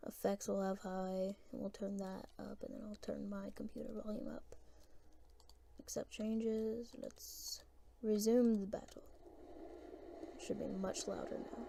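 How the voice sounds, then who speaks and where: Woman, casual gameplay commentator; soft, mellow tone, unhurried and meandering delivery. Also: mid-range voice, little pitch movement, vocal fry. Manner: rambling, hesitant, thinking aloud.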